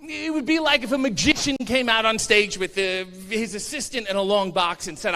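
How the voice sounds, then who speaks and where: A man's voice: high voice, moderate pace, hardly any pauses, bright, forceful tone. A man performing a stand-up comedy set on a convention stage, sardonic and self-mocking. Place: convention stage before a live audience. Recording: reverberant stage hall.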